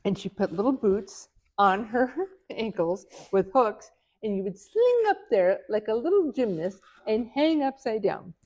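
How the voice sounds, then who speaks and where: A middle-aged woman, an author being interviewed, telling family stories in an animated way, laughing often and acting out the voices of the people in them. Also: medium pitch, unhurried. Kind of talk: animated storytelling.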